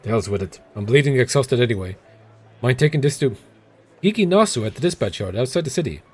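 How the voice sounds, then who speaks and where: A man's voice: medium pitch, very animated, fast, a little mellow, husky, faint music behind. A man voicing a groggy, bewildered game worker who grumbles and curses in slang.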